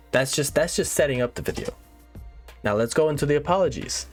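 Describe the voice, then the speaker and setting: A man hosting a satirical tutorial monologue, mock-serious and lively, checking in with "all right?" again and again. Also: medium pitch. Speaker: comedic YouTuber host.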